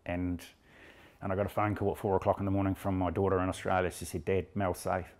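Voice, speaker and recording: A man's voice: low-pitched, flat delivery, quick pace, darkish tone. A middle-aged man with a New Zealand accent, recounting a rescue in plain, blunt words during an interview. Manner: plain-spoken, blunt storyteller.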